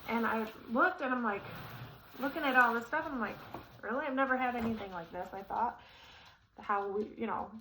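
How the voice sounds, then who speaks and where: A woman's voice: on the high side, fairly quick, slight background noise, rough recording. A middle-aged woman vlogger telling a personal story in a rambling, casual way with many fillers while assembling furniture. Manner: rambling, warm-hearted, many fillers and restarts.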